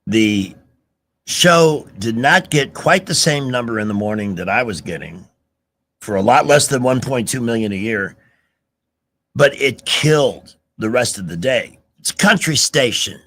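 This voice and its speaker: A middle-aged man hosting a radio talk show, telling stories in an animated, emphatic way with restarts. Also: mid-range voice, measured pace. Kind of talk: casual talk radio chat.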